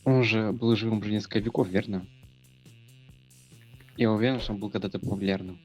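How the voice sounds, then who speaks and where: A man's voice: lowish voice, fairly even intonation, fast, a little mellow, lightly acted. A Russian-speaking man playing his character in a party game, reading the choices aloud and laughing when he stumbles. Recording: faint game music behind.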